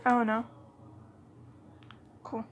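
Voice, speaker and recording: A woman hosting a game video, reading cards aloud in a playful, giggly way with muttered asides. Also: extremely slow. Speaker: gaming channel host. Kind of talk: let's play commentary, reading cards aloud.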